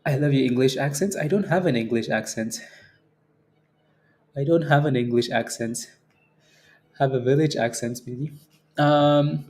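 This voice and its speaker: Chatty day-trading livestream host. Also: male voice, on the high side, unhurried, pauses often, soft background music. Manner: relaxed, chatty, chuckles often, trails off with fillers. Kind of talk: casual livestream chat reading viewer comments.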